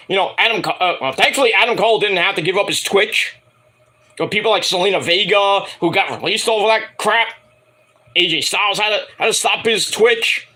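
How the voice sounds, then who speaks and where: A man rants through his wrestling review, rambling and cursing as he goes. His voice sits high and sounds bright and sharp. He swings wildly up and down in pitch as he talks. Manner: profane, rambling, mocking voices in quotes. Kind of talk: casual ranting review.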